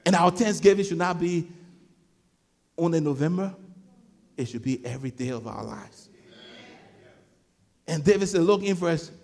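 A man preaching a sermon, swinging between shouted peaks and hushed storytelling, often repeating words as he gathers his thoughts. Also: on the high side, normal speed, gravelly, long pauses. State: sweating. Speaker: pastor. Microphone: clip-on mic.

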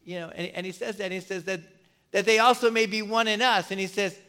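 A male pastor preaching a sermon with passion, often asking the congregation rhetorical questions and swinging between loud and soft. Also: high voice, steady tone, quick pace, clean tone. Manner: passionate, varies loudness a lot, rhetorical questions.

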